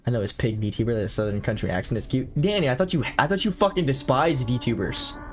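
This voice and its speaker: A brisk, expressive mid-range male voice comes through with a little hiss or hum. The speaker, a young man from the United States, reads horror-game text aloud and chats loosely with his stream, swearing, drawling, and cracking jokes with chat.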